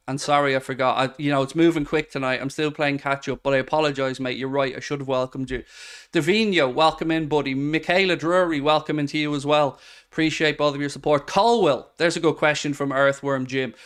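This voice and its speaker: A man's voice: on the high side, fairly bright tone, clear, resonant tone. A man in his thirties hosting a live football stream, chatting candidly and reading out viewer comments in a self-mocking way. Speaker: football podcast host.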